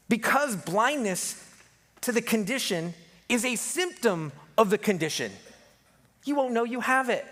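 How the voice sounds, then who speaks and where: A man delivers a sermon in a loose, conversational way. His voice sits notably high for a man. He jokes with the room and slips into quick voices when he quotes people. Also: a bit bright. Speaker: pastor.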